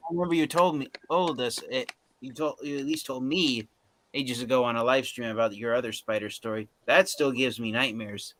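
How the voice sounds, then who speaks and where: A man with an ordinary mid-range voice joins a live stream chat. He breaks in with short remarks and quick questions. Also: mid-range voice, fairly bright tone. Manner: brief reactions and questions. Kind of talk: casual chat.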